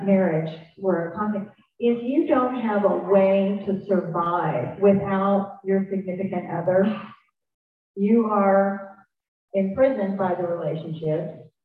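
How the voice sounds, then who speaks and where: A woman speaking candidly and informally to a group about recovery steps, rambling with restarts and poking fun at herself. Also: mid-range voice. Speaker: speaker on twelve-step recovery. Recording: echoey room, distant mic, phone-like sound.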